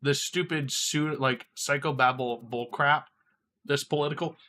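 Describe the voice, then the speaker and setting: A man's voice: medium pitch, fairly even intonation, a little slow, bright, forceful tone, soft background music. A sick man streaming live, rambling crudely in casual chat and laughing often.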